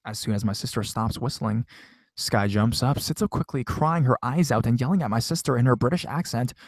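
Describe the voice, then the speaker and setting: A man's voice: medium pitch, fairly quick, no room sound. A man in a mid-range voice reads viewer horror stories in a loose, conversational way, dropping swear words as he goes. The recording is close and dry, with no room sound. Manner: casual, profane, conversational. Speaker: horror story narrator. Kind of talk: reading viewer-submitted scary stories.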